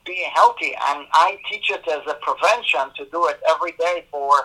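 A man, a doctor guest in a casual interview, speaking in halting, broken phrases with confident claims. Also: a little high, pushed and bright, poor audio.

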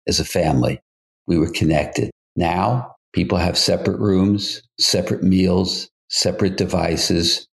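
Deep, gravelly older man. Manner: earnest and measured, posing questions to the listener. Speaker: psychotherapist and podcast host. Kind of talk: reflective solo podcast talk.

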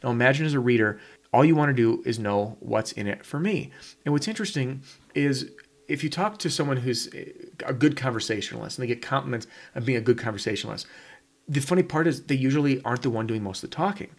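Man, podcast host, casual teaching talk, emphatic, rhetorical questions, middle pitch. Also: lively intonation, fast talker.

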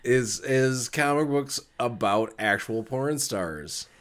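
A podcast co-host in relaxed banter, riffing on jokes with a playful touch. The talk stays loose and casual. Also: medium pitch, slow pace. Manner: joking and playful. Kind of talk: casual chat.

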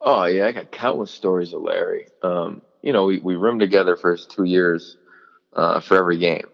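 Man, low voice, lively anecdotes, fillers and restarts, muffled sound, long reverb. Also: normal speed, creaky. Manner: animated storyteller, many fillers and restarts, acts out quotes. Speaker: college football analyst, former player and coach. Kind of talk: podcast interview, storytelling.

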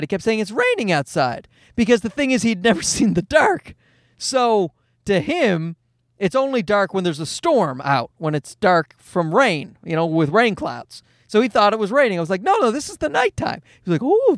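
A man's voice: high voice, no room sound, studio quality. A man in his thirties hosting a casual solo podcast, telling a story in a profane, self-mocking way. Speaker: podcast host.

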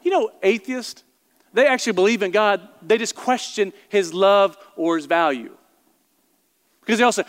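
This male pastor has a high-pitched voice and speaks at normal speed, preaching with fervor and emphasis as he repeats phrases straight to his congregation. A long hall reverb surrounds his words.

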